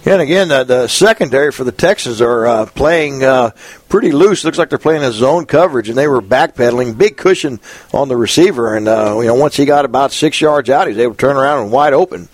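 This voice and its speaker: A man giving color commentary on a football game, slow and relaxed, with many fillers and small chuckles. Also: mid-range voice, no room sound. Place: press box above the field.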